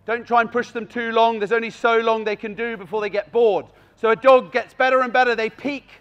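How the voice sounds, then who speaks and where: A man working as a gundog trainer, giving live commentary to an audience at an outdoor country fair, expressive and animated in how he talks. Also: extremely high pitch, a little fast, clean tone, dull audio. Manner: expressive and animated, acts out calls to the dogs.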